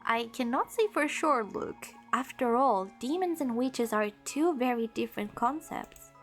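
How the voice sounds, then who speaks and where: A woman reading out the lines of a calm, polite gentleman professor in a puzzle game, in a measured tone. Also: on the high side, faint music behind.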